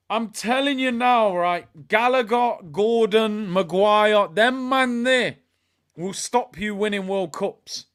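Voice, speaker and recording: Young guy hosting a footy watch-along, bit high voice, hyped and slangy. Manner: excitable, chatty, slangy banter. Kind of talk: live match watch-along commentary.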